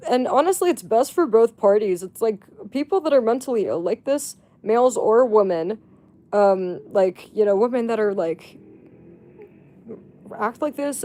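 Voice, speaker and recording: A woman's voice: mid-range voice, sing-song, unhurried, dark tone. A woman livestreamer telling a gossipy story in casual chat, blunt and rambling, swearing freely and laughing often.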